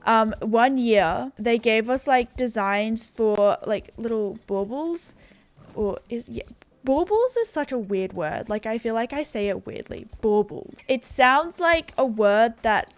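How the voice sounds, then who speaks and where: A woman's voice: on the high side, lively intonation, a little slow. A woman with an Australian accent, chatting casually as a gaming YouTuber, rambling and filling her talk with "like" and "you know". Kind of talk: casual chat.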